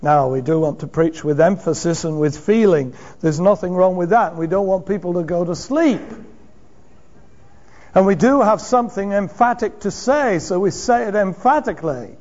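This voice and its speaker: A man with a high voice preaching a sermon from the pulpit. He speaks with steady emphasis, asks his congregation rhetorical questions and chuckles now and then. The recording sounds dull and lo-fi. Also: normal speed.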